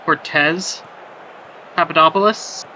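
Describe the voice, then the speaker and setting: Calling a simulated soccer match play by play, this male commentator has a somewhat high, slow, bright voice with a forceful tone. He's jokey and meandering in the lulls but rises sharply on scoring chances. Background noise runs through a rough recording.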